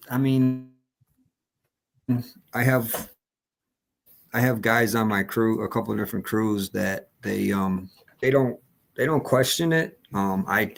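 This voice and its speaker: A man who runs work crews, chatting on a live stream in a halting way full of fillers and restarts. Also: fairly low pitch, gravelly. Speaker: guest, crew boss. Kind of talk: casual live-stream chat.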